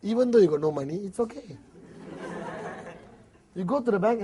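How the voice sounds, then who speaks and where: A man's voice: sits high, expressive, brisk, pauses often, darkish tone, a little hiss or hum. A man with a Malaysian English accent giving a motivational network marketing seminar, acting out little dialogues and often laughing.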